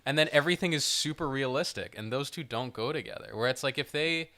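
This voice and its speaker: Animated man chatting about movies. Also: mid-range voice, fast. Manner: animated, swears, mimics voices for jokes. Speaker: podcast co-host. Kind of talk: casual movie chat.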